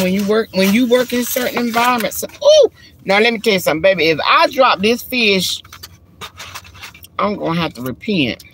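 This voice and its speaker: Filming on a handheld phone from her car, a woman hosts a laid-back live stream in a mid-range, slightly bright voice, with slight background noise. She's chatty and folksy and calls viewers girl and honey.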